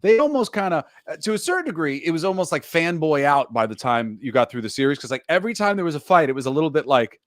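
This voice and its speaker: Animated, swearing podcast host man. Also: a little high, quick pace, few pauses, no echo, studio quality. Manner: animated, swearing, acts out quotes. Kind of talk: casual chat.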